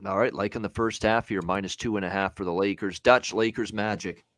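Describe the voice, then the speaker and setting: A man's voice: on the low side, steady tone, fairly quick, a bit bright, no room sound. A man hosting a sports betting show in casual talk, blunt and full of "uh" fillers as he rattles off scores and lines.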